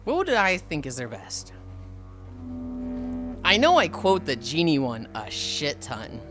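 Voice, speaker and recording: A young woman livestreamer chatting casually, animated, swearing freely and acting out quotes. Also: sits low, unhurried, music in the background. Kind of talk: casual chat.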